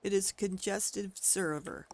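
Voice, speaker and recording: A woman's voice: medium pitch, steady tone, takes it slowly. A woman streaming a video game, talking casually as she plays, thinking aloud and exclaiming at what she finds. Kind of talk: casual gameplay commentary.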